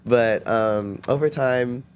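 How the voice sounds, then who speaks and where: A man's voice: medium pitch, takes it slowly, a little mellow, clean tone. A young man telling stories as a podcast guest, chatty, filling his talk with "like" and acting out what people said. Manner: chatty, constantly says "like", acts out quotes. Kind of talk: casual storytelling.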